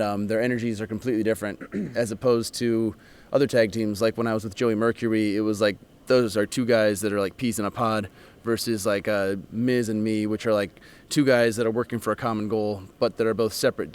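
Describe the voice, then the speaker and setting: Smooth-voiced easygoing male guest. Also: on the low side. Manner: easygoing, laughs often, loose filler-heavy phrasing. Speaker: wrestler, interview guest. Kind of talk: casual interview chat.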